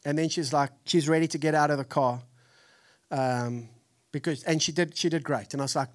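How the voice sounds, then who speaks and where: A man in his forties with a Texan accent, preaching a sermon in an animated, storytelling way. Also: on the high side, fairly quick, faint music behind. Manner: animated storytelling, acts out family voices. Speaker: pastor. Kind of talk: sermon with personal stories.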